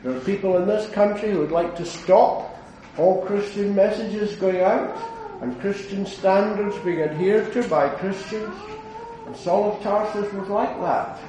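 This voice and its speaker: A man preaching an earnest evangelistic sermon, building to fervent declarations and then dropping low. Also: unhurried, background noise. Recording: very echoey hall, heard from a distance.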